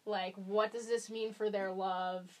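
A woman's voice: medium pitch, level tone, measured pace, a little mellow. A young woman chatting casually as a podcast guest, rambling with many ums and likes. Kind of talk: casual chat.

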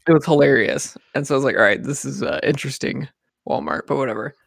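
A man's voice: mid-range voice, fast talker, gravelly, a bit bright, dry recording, clean studio sound. A young man casually telling a rambling story among friends, with lots of fillers.

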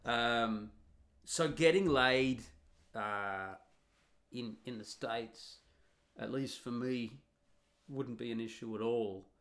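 A man's voice: medium pitch, slow pace, a bit bright. An Australian man with an Australian accent, giving a blunt, rambling solo monologue full of fillers and restarts. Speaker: vlogger.

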